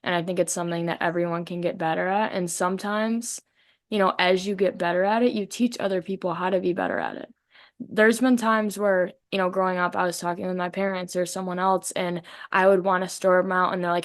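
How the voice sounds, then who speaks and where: A young woman co-hosting a casual podcast chat, animated, acting out the voices of people she quotes. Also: mid-range voice, brisk. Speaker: co-host, softball player.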